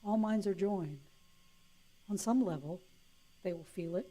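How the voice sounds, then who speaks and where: A woman minister giving a playful, warm sermon, laughing easily. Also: medium pitch, a little slow, breathy edge.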